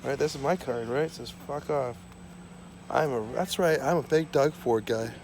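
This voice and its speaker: A man with a gravelly, fry-laden voice at an everyday middle pitch rants to his camera from his small home. His talk is profane, repetitive and wanders from point to point. Faint vehicle noise hums in the background. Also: fairly quick, a little mellow. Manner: ranting, profane, repetitive, drifting off topic. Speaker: vlogger. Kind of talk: rambling monologue to camera.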